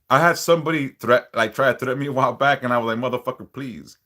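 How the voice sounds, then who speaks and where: A man's voice: medium pitch, a little fast, sharp tone. A man hosting a casual livestream, reading out viewer comments and bluntly warning them with plenty of swearing. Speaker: livestream host, spiritual worker.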